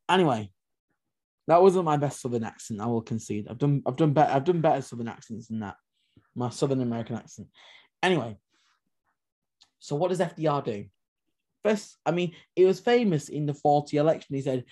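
On this casual history podcast, the male co-host speaks brisk and expressive, with a warm tone and a voice on the high side. He's animated and tosses in sarcastic remarks.

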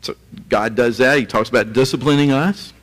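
Male pastor, conversational sermon delivery, mid-pitched voice, long hall reverb. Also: brisk. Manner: conversational, chuckling asides.

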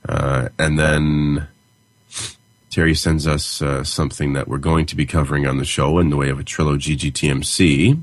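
A man hosting a casual podcast, reading listener emails in a relaxed, drawn-out way with fillers and chuckles. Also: rumbling low, dry recording. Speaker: podcast host.

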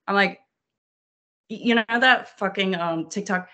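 Animated, foul-mouthed woman from New Orleans. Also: mid-range voice, a little slow. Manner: animated, swears freely, acts out her own reactions. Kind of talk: casual podcast chat.

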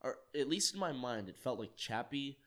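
A young man co-hosting a podcast, soft-spoken and thoughtful in casual chat. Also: medium pitch, expressive, normal speed. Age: young adult. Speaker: podcast co-host.

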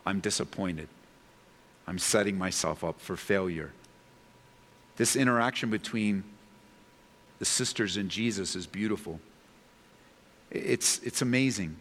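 A man's voice: lowish voice, fairly bright tone. Earnest male preacher in a reverberant hall. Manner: earnest, pleading, rises to impassioned peaks. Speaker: pastor. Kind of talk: sermon.

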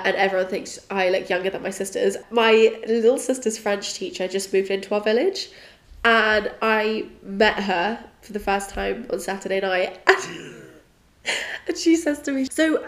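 A young woman from England, hosting a podcast, chatting and telling a story with lots of giggles and fillers. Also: medium pitch. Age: young adult. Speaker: podcast host. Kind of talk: casual storytelling monologue.

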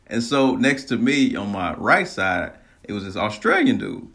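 A man casually telling a personal story, animated, laughing often and swearing freely. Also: on the low side, normal speed, hardly any pauses.

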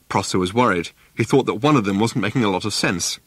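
A man narrating a comic story in a measured, dry storytelling manner. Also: lowish voice, expressive, husky, dry recording. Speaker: audiobook narrator. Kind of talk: scripted narration.

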